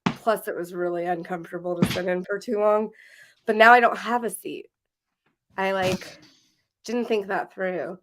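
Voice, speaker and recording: A woman's voice: medium pitch, steady tone, normal speed, fairly bright tone, slight background noise. A woman from Washington State co-hosting a podcast livestream, chatting casually with frequent laughs and rambling restarts. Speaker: podcast co-host.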